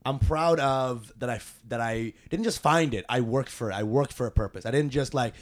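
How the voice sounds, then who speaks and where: A young man, a comedian, talking casually and profanely on a podcast, animated and quick to joke. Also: mid-range voice.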